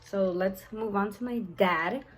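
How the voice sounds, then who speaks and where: A woman's voice: medium pitch, measured pace, slight background noise, poor audio. A young woman telling a personal story in a casual vlog, tired-sounding and full of fillers and swearing. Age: young adult. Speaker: vlogger.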